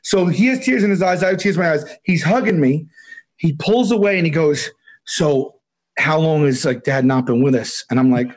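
A man in his forties tells a long anecdote as a guest on a podcast. He rambles, restarts his sentences and breaks into laughter. His voice sits a little high for a man. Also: normal speed. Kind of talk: casual storytelling.

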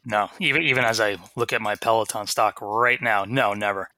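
A man's voice: lowish voice, brisk, bright, forceful tone, no echo, clean studio sound. A man co-hosting a podcast, chatting in a wry, self-mocking way. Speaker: podcast co-host and producer. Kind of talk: casual chat.

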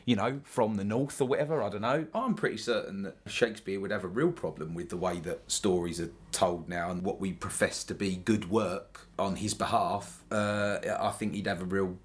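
Husky-voiced London man, low pitch. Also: normal speed, few pauses. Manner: reflective, rambling with asides. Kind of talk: casual discussion.

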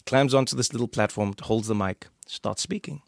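A man with a South African accent, hosting a casual conversation and telling stories with lively acted-out quotes. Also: medium pitch, normal speed, vocal fry, no echo, studio quality. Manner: animated storyteller, acts out quoted voices. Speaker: podcast host.

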